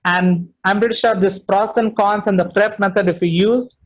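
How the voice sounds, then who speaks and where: A man's voice: sits high, steady tone, normal speed, poor audio. A middle-aged man with an Indian English accent, giving an online training session on speaking, emphatic and full of "you know" fillers.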